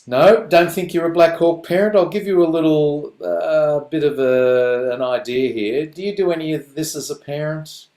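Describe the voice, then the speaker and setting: Animated man in an echoey room. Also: a little high. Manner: animated, acts out parents and children in quick voices. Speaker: parenting workshop presenter. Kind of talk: lively talk to parents on a video call.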